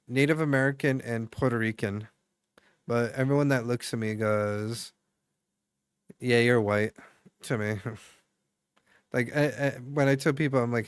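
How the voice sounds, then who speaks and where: Young man streamer, smooth dry voice. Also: mid-range voice, no echo. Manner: rambling, chatty, full of fillers and restarts. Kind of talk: casual chat with viewers.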